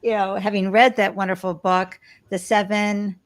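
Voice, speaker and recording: A woman host leading an interview, enthusiastic and affirming, quick to laugh and to praise her guest. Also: mid-range voice, little pitch movement. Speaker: podcast host. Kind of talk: interview hosting.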